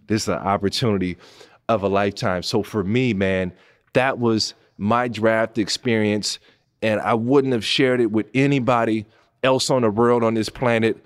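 Pasadena guy in his 30s hosting a podcast, storytelling, gets loud and excited then goes quiet. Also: on the low side, moderate pace. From Pasadena, California. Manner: excitable, swings between hushed and exclamatory. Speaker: podcast host. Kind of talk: animated storytelling monologue.

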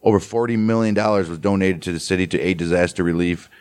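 A man's voice: low voice, fast talker, darkish tone. A man co-hosting a podcast, reading history aloud with muttered reactions and some stumbles. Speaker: podcast co-host. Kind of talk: reading history and casual chat.

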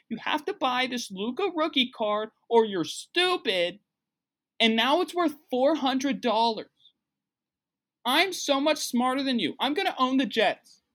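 A man doing a loud impression of a boastful male entrepreneur guru who insults people. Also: very high voice, voice pushed up. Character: brash shouting male hustle guru.

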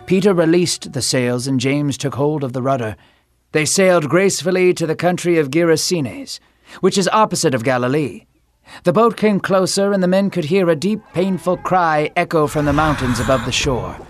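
Guy telling a bible story dramatically, kinda higher voice, soft music behind. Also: moderate pace, no echo. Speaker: narrator. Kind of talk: scripted storytelling narration.

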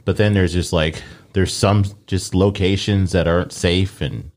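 A man's voice: deep voice, fairly even intonation, measured pace, darkish tone. A man in casual conversation, opinionated and loose, swearing freely. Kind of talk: casual chat.

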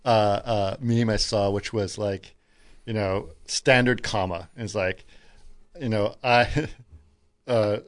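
A man's voice: fairly low pitch, steady tone, slow, no echo. A man in a casual chat, rambling and searching for words with lots of uh's.

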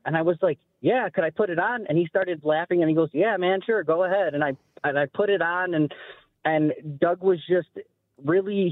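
A young man calling into a sports radio show, telling a long story in a rambling, animated way. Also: on the high side, no room sound. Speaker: caller. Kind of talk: call-in storytelling. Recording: dry tinny phone line.

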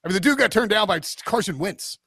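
A man's voice: sits high, expressive, fast, sharp tone, breathy edge, no room sound, clean studio sound. A man co-hosting a sports betting podcast, giving blunt opinions in a rambling casual way with many restarts. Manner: rambling, frequent restarts and fillers.

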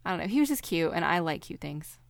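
A woman's voice: on the low side, very animated, quick pace, vocal fry, no echo. A woman with a Southern American accent co-hosting a podcast, chatting with enthusiasm. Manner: enthusiastic, gushing. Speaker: podcast co-host. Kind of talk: casual chat.

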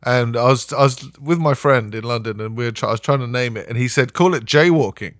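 Photographer, male, mid voice, halting restarts, dry close recording. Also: mid-range voice, steady tone, fairly bright tone, dry recording. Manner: halting, many restarts, laughs often. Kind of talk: casual chat.

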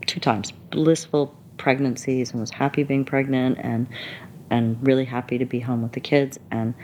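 A woman guest talking candidly in conversation, animated, laughing often and acting out the people she quotes. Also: a bass voice, moderate pace, slight background noise.

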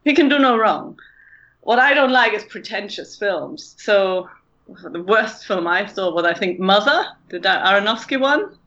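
A woman's voice: mid-range voice, lively intonation, measured pace, fairly bright tone, highs cut off. A woman from Germany with a German accent, giving blunt, opinionated views as a guest on a chatty podcast. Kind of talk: casual panel chat.

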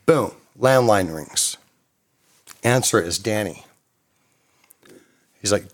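A man's voice: on the low side, animated, slow pace, long pauses. A man in his fifties from California, telling a long casual anecdote, swearing heavily, rambling, and laughing often. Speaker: storyteller guest.

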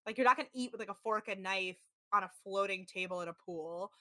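A woman's voice: mid-range voice, quick pace, no room sound. A woman in her thirties chatting casually as a podcast co-host, telling stories animatedly, packed with "like" and acted-out quotes. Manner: animated storytelling, frequent "like", acts out quotes. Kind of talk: casual chat recapping a reality show.

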